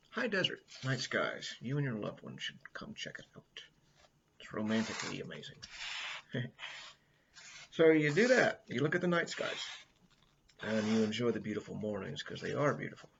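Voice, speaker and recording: A man's voice: fairly low pitch, very animated, normal speed, vocal fry, pauses often, dull audio, background noise. A middle-aged man rambling casually indoors, swearing often and laughing a lot. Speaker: vlogger. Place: indoors at a friend's house.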